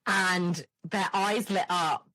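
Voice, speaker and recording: A woman tells a story in casual podcast chat. Her voice is fairly low and she is animated and quick to swear. The recording is dry and close to the mic. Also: dry recording. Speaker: podcast host.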